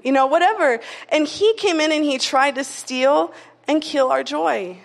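A young woman with a high voice preaches in a relaxed, chatty way, telling stories full of "like" fillers. Her voice rings with the long reverb of a hall. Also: normal speed, gravelly. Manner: chatty storytelling, frequent "like" fillers. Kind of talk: casual conversational sermon.

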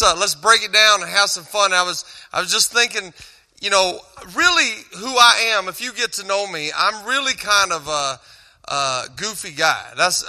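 A Christian cowboy singer and speaker with a Texan accent addresses a church crowd in casual stage talk, rambling, joking and halting his own sentences. His high voice sounds pushed and bright, followed by a long reverb tail.

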